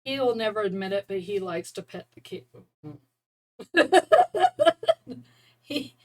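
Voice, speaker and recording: A woman's voice: medium pitch, fast talker, low-quality recording. A woman chatting casually and rambling, often breaking into laughter. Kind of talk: casual chat about neighborhood cats.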